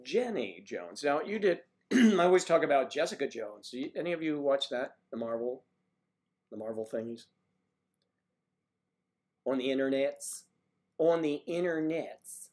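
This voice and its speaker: An older man from the East Coast hosts a live stream, chatting in a loose, rambling way. He reads viewer comments aloud and answers them by name. His voice sits at a middle pitch for a man. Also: sing-song, moderate pace, darkish tone. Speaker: livestream host. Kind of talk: casual livestream chat reading viewer comments.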